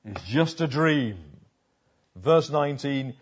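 A man's voice: a little high, lively intonation, takes it slowly, darkish tone, slightly rough, highs cut off. A man preaching a sermon, reading scripture verses aloud and then explaining them in a conversational way.

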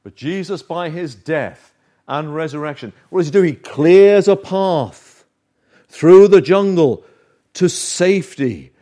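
A man preaching a sermon, earnest and emphatic, with dramatic pauses and swings of volume. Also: a little high, dark tone.

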